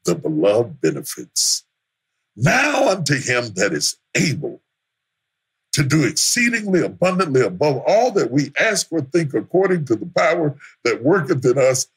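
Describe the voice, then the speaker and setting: Husky, fiery preaching man. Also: mid-range voice, wildly swooping pitch, moderate pace. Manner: impassioned preaching, climbing to shouts with repeated refrains. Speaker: pastor. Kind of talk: sermon.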